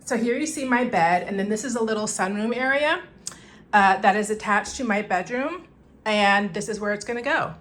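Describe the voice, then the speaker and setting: A middle-aged woman chatting excitedly in a casual home makeover vlog, recorded indoors at her home. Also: medium pitch, normal speed, echoey room.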